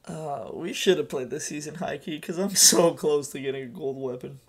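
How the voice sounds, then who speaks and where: A young man hosting a casual gameplay commentary with a friend, energetic and swearing freely. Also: fairly high pitch, normal speed, slightly rough. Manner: energetic, loud, swearing banter. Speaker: gaming channel host.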